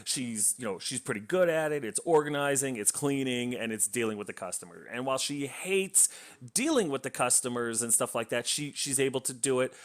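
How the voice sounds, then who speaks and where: A man's voice: mid-range voice, lively intonation, fairly quick. Rambling man retelling a book plot. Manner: rambling, with many fillers and restarts. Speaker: book reviewer.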